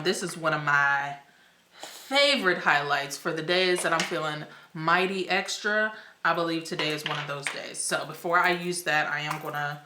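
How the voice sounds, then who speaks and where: A young woman filming a casual makeup tutorial, chatty and slangy with excited exclamations. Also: fairly low pitch. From United States. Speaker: beauty vlogger. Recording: echoey room.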